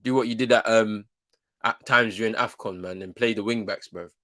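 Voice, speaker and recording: Young man, lowish voice, slangy, exasperated, laughing, live football watchalong. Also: steady tone, moderate pace, fairly bright tone. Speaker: watchalong host.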